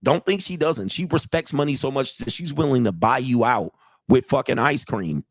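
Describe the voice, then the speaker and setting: A man's voice: mid-range voice, moderate pace, no echo, clean studio sound. A man hosting a livestream, lecturing viewers in a blunt, profane way and laughing between points. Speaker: commentator, channel host. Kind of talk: livestream commentary rant.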